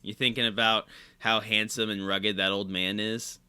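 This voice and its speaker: A man's voice: fairly low pitch, level tone, moderate pace, bright, forceful tone, clear, resonant tone. A young man co-hosting a podcast, joking and teasing in casual banter. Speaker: podcast co-host.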